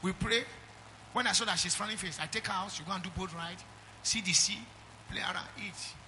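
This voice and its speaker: High, bright-voiced Nigerian preacher man. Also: fairly quick, slight background noise. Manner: emphatic preaching with call-and-response. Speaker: pastor. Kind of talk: sermon.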